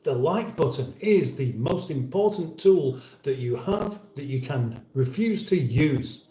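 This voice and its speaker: A man's voice: a little high, expressive, measured pace, mellow, roomy sound, poor audio. Wry, weary British man hosting a live chat. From United Kingdom. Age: middle-aged. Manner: dry, wry and chatty, with mock-formal phrasing. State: a little weary. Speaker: livestream host. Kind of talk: casual live chat reading out viewer comments.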